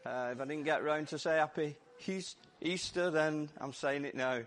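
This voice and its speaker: A man with a Lancashire accent preaching a lively, jokey Easter sermon to his church while his voice goes hoarse. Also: on the high side, normal speed. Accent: Lancashire English. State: voice going hoarse. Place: church service.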